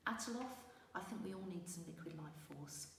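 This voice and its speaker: A woman voicing a gentle, patient female fairy teacher with a warm, honeyed, reassuring manner, recorded from a distance in a reverberant room. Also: fairly low pitch, expressive, moderate pace, creaky, slight background noise. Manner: reassuring, encouraging.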